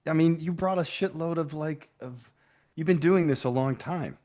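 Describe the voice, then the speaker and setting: A man's voice: fairly high pitch, normal speed, crowd noise. A man, an actor and podcast co-host, chatting casually in an eager, teasing way and cutting in with questions. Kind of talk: casual chat.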